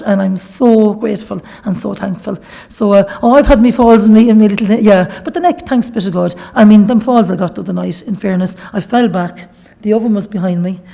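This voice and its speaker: A middle-aged Irish woman from Galway speaks with a gravelly, mellow voice. She tells her own story to a gathering in an earnest, chatty way. She often breaks off to give thanks to God. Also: medium pitch. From Ireland. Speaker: guest speaker at a workshop. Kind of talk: personal testimony talk.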